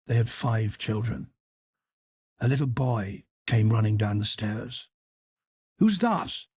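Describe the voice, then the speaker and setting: A man narrating a classic story collection in a measured, even storytelling manner. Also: lowish voice, husky, dry recording, studio quality. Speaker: audiobook narrator. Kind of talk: scripted narration.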